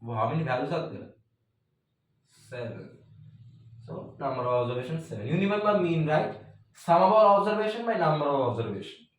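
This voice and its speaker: A man's voice: on the high side, very animated, a little fast, pauses often. A man teaching a math lesson in a chatty way, joking aside and using "means" as a filler. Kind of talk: casual math tutorial. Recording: very echoey room, mic at a distance.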